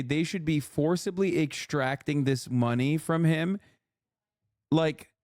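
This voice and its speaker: A man's voice: fairly high pitch, no room sound, studio quality. A male streamer reacting to a clip, mocking and heated, swearing often. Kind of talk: profane, sarcastic streamer commentary.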